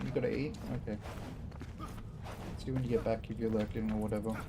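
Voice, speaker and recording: A man's voice: on the low side, little pitch movement, a little fast. A man streaming a video game, chatting casually to his viewers with a scratchy throat, rambling and poking fun at himself. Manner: rambling, self-deprecating, talks to himself. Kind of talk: casual gameplay chat to viewers.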